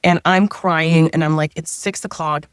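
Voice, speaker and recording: A woman's voice: deep voice, fairly even intonation, normal speed, clear, resonant tone, no room sound, studio quality. A middle-aged woman, a guest, telling a personal story in a casual, chatty way, often saying 'like' and voicing her own past thoughts aloud.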